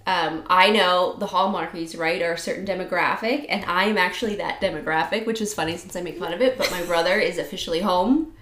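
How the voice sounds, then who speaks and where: A woman's voice: on the low side, brisk, few pauses, fairly bright tone. A middle-aged woman co-hosting a podcast in casual chat, talkative and laughing often. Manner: chatty, laughs a lot, uses "y'all". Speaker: podcast co-host. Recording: roomy echo.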